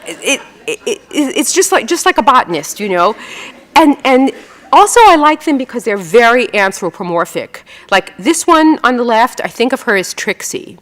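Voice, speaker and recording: A woman, an author telling chatty, self-mocking stories to an audience and trying on quick voices for people she describes. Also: fairly high pitch, sing-song, fairly bright tone, in a large hall. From New York. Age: 60s. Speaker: author giving a talk. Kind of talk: storytelling talk with slides and a reading. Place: event hall before an audience.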